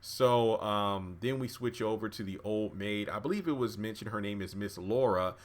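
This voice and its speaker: Man, lowish voice, casual TV recap, chatty, lots of ums and uhs. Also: moderate pace. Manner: relaxed, chatty, acts out dialogue with many fillers. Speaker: YouTube TV reviewer.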